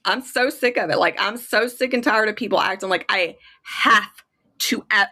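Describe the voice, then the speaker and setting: A woman's voice: mid-range voice, moderate pace, bright, forceful tone. A woman angrily venting in casual chat, profane and worked up. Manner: angry, profane ranting. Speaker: kratom advocate on a livestream.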